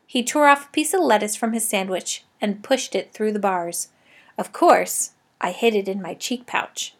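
A woman narrating a children's story in the first person with a lively, expressive reading. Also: mid-range voice, normal speed, slightly rough. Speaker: audiobook narrator.

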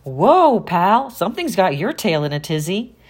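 A woman voicing a jolly, friendly male night janitor with a hearty, booming manner. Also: very animated, a little slow, husky, exaggerated voice.

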